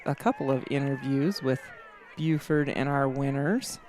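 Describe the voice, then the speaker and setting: A man giving live commentary on a school race from indoors, chatty and quick to laugh. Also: mid-range voice, darkish tone. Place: indoors, watching on a big screen.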